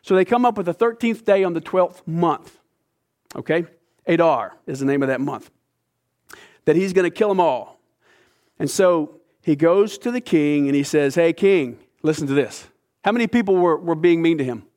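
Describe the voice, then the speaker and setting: Man, Bible study teacher, animated storytelling, casual slang, slightly high voice. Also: normal speed.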